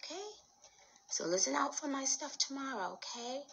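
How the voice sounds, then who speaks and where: Playful woman chatting to her stream, bright, a bit high. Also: lively intonation, moderate pace, creaky, a little hiss or hum. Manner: playful, chatty, bursts of laughter. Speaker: livestream host. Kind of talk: casual chat with viewers.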